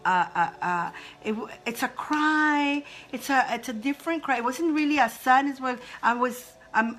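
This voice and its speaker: A woman's voice: on the high side, bright, forceful tone. A woman hosting live spiritual readings for viewers, emotional and effusive, often laughing and speaking straight to her audience. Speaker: spiritual reader, live-stream host.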